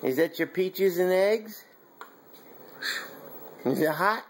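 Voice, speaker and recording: A man's voice: high voice, lively intonation, slow, slight background noise. A man feeding his young child at home, coaxing him to say words and laughing often. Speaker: father feeding his toddler. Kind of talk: casual home video chat.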